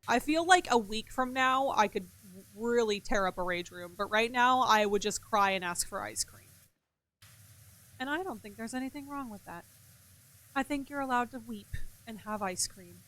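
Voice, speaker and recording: Bright-voiced woman streamer chatting with chat. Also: fairly high pitch, normal speed. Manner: animated, laughing, swings between loud outbursts and mumbled asides; reads chat messages aloud. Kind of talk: casual chat with stream chat while gaming.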